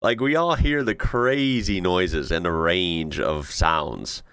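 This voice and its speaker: A man hosting a casual reaction video, excitable and slangy, laughing often as he comments on clips. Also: deep voice, slow, smooth, no echo, clean studio sound.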